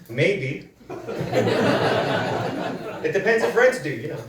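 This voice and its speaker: A man's voice: high-pitched, huge pitch swings, drawn-out words, long pauses. A man from Manitoba doing a self-deprecating stand-up set in a comedy club, laughing through his punchlines. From Manitoba, Canada. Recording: roomy club recording from a distance, audience noise.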